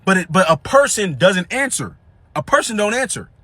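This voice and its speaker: Young man, high-pitched, dry close sound, slangy animated storyteller. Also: normal speed, husky, dry recording. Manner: slangy, animated retelling with quoted dialogue. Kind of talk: casual storytelling.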